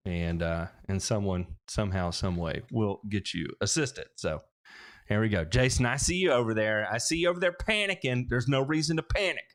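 A man's voice: lowish voice, lively intonation, moderate pace, clean tone. Casual rambling man hosting a livestream. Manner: rambling, restarts a lot, joking asides. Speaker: host of a lawn care livestream. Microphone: headphones with mic.

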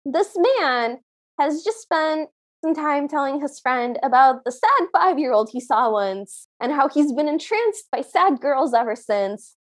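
A high-pitched woman with a very lively, swooping voice recaps a film for her podcast co-host. She narrates scene by scene in relaxed chat and slips into the characters' lines as she goes. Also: unhurried. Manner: animated storytelling, acts out the characters' lines. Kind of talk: casual movie recap chat.

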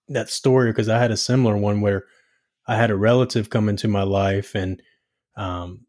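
A young man hosting a casual chat, relaxed and rambling as he shares his own story. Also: fairly low pitch.

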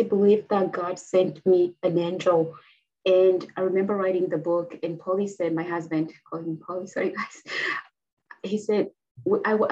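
A woman's voice: medium pitch, darkish tone. Earnest woman on dull lo-fi audio. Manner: heartfelt, halting, with many restarts. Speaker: interview guest. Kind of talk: earnest testimony.

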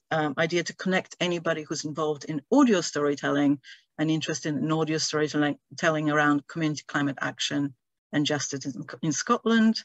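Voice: mid-range voice, fairly bright tone, no room sound. A host opening an online event, with hesitant speech full of ums. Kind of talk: event introduction on a video call. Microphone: video call.

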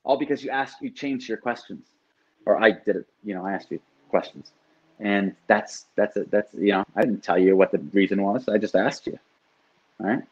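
A man's voice: on the low side, normal speed, slightly rough, lo-fi sound. A man who works as a life coach, talking casually and animatedly, swearing now and then and often asking "right?". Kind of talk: casual podcast conversation.

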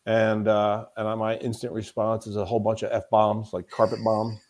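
A man's voice: fairly low pitch, monotone, normal speed, a little mellow. A man speaking as a guest in a conversational podcast interview. He talks as a mental toughness coach, telling stories with emphasis and often repeating himself.

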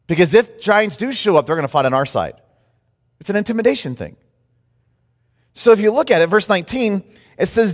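A man preaching a sermon, telling a story with lively acted-out quotes. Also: high-pitched, in a large hall. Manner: animated storytelling, acts out quotes. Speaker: pastor.

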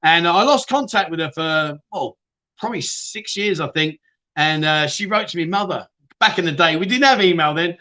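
A man's voice: a little high, sharp tone. Chatty man hosting a live stream. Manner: chatty, laughs often, greets viewers by name. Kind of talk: casual chat reading live comments.

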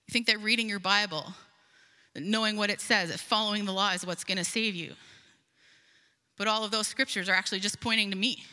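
A woman's voice: medium pitch, steady tone, fairly quick, pushed and bright. A woman preaching a sermon, earnest and emphatic, reading scripture aloud and explaining it. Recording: long hall reverb.

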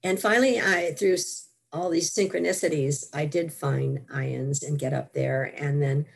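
Older woman guest, gravelly and husky, animated storyteller who laughs easily. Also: sits low, normal speed. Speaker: guest author. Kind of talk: interview storytelling.

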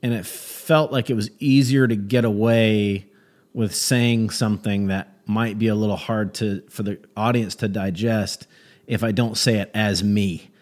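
A man who does stand-up comedy, a guest in a casual conversation, telling stories in a lively way with many restarts and false starts. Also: lowish voice, a little slow. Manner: animated storyteller, many restarts.

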